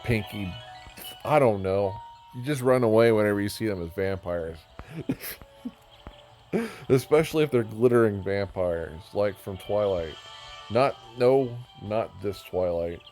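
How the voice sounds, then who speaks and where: A man's voice: on the low side, measured pace, long pauses, darkish tone, faint music behind. A man giving casual, rambling commentary while touring a game world, joking at himself and going off on tangents. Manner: rambling, self-mocking, easily sidetracked. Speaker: gamer touring a build.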